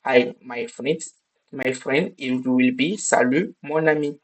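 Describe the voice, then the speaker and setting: A man from Burkina Faso with a Burkinabe French accent, a native French speaker teaching an online lesson and repeating each phrase slowly, checking in with "okay?". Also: mid-range voice, fairly even intonation, low-quality recording.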